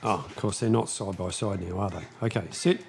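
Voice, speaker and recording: A man hosting a casual live stream from his shed, chatting slowly and snapping commands at his dogs. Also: deep voice, creaky, a little hiss or hum. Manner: slow, chatty, scolding his dogs in sharp bursts. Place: home workshop shed.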